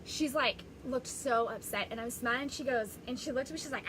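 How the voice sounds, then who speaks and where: Woman, psychic medium hosting a livestream; chatty and rambling, slightly high voice, faint background hiss. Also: brisk, few pauses, a bit bright, poor audio. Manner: rambling, chatty, restarts often. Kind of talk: live-streamed spiritual reading.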